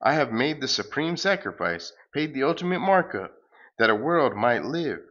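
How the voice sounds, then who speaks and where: A man voicing a goofy, boastful male space surfer hero who talks in an excitable, mock-heroic way. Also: mid-range voice, normal speed, lo-fi sound, voice pushed up.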